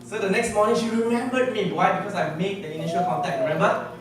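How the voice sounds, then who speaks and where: Jokey high-voiced man in echoey hall. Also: fairly even intonation, fast talker, crowd noise. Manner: jokey, chuckles at his own stories. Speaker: sales seminar speaker. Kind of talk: humorous storytelling talk to an audience. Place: large hall before an audience. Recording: echoey hall from far off with noise.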